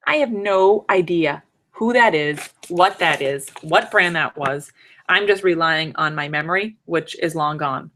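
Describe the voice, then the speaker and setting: A chatty woman in her thirties talks straight to her webcam from a room at home. Her voice sits a little low but sounds bright and forward. She rambles casually, throwing in jokes and asides as she goes. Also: unhurried, a little hiss or hum. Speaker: vlogger giving conference tips. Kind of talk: casual live-stream chat. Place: home, third floor room.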